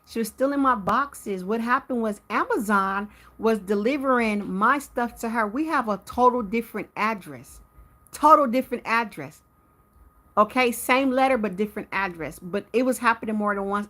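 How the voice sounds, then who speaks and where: A woman livestream host, an adult with a teenage son, tells her viewers about a dispute with a neighbor, heated and animated and addressing them directly. She speaks at a normal speed with a medium-pitched voice.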